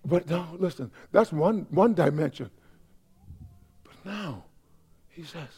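A man preaching in a church with a high, gravelly voice. He swings between emphatic, ringing declarations and quiet, hushed asides, stressing key phrases and repeating them for effect. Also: a little slow. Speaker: pastor. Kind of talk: sermon.

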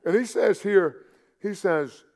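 High, gravelly-voiced man preaching. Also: takes it slowly. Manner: repeats and restarts words, rises to loud emphatic peaks. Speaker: pastor. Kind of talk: sermon.

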